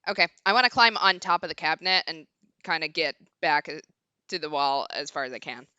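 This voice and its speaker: Crisp-voiced woman playing a tabletop game. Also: deep voice, a little fast, bright, forceful tone, dry recording, muffled recording. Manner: short agreeing replies, hesitant questions. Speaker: player. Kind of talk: tabletop game play over a call. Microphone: video call.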